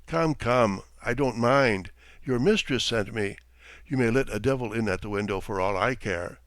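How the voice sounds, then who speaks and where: A man's voice: medium pitch, normal speed, fairly bright tone, no room sound, lightly acted. A man voicing a curt, mocking official who scolds a servant and teases his wife. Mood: stern. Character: brusque, teasing middle-aged official husband.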